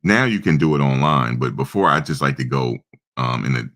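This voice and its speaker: Very deep-voiced man telling a story. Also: brisk. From New Jersey. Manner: animated storyteller who acts out the people he quotes. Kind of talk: casual personal anecdote.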